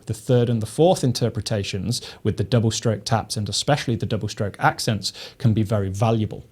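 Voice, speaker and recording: Male drum tutor, calm and methodical, mid-pitched, steady lesson delivery. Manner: measured, methodical explaining. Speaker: drum teacher. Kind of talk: instructional lesson.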